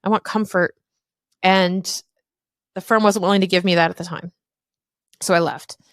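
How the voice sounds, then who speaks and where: A woman's voice: lowish voice, steady tone, normal speed, a bit bright, no room sound, clean studio sound. A woman in her thirties hosting a podcast, telling a personal story candidly and emphatically, with casual swearing. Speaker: podcast host.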